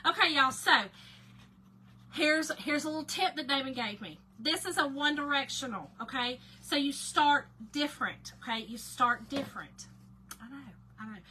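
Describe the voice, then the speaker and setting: Hosting a relaxed live craft demonstration, a woman with a high-sitting voice talks at a moderate pace and welcomes her chat viewers warmly by name. While concentrating on the work she frequently mutters quietly to herself, and the stream carries noticeable background noise.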